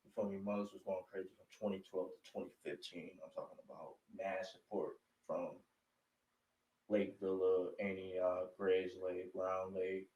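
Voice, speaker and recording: A man's voice: low voice, flat delivery, measured pace, darkish tone, echoey room, muffled recording. A young man talking casually as a guest in an interview, laid-back and peppering his talk with "you feel me". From northern Illinois. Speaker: guest rapper.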